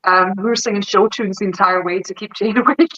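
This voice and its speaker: A woman from Denmark chatting casually as a guest, with quick asides. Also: mid-range voice, fairly even intonation, sharp tone, no room sound, dull audio. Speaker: guest performer. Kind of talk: casual chat.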